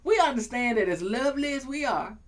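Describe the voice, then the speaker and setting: A woman's voice: high-pitched, expressive, brisk, noisy background. A woman hosting a talk show, chatting playfully and building to preacher-like repetition. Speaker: show host. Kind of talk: casual talk show chat.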